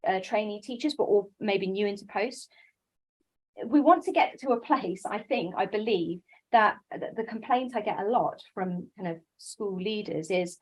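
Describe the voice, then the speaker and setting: A woman giving a conference talk on coaching, lively and self-deprecating, with quick quoted asides. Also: mid-range voice, breathy edge, poor audio. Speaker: coaching speaker.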